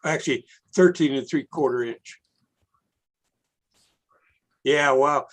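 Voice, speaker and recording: A man chatting slowly on a casual video call, drawing out his words. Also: medium pitch.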